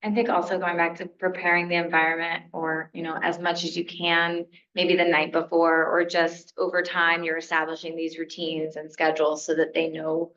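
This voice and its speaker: Low-voiced woman teacher giving advice. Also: monotone, fairly bright tone. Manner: practical, explanatory, quickens when giving examples. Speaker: toddler teacher on a parent panel. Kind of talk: conversational panel talk to parents. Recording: slightly muffled sound.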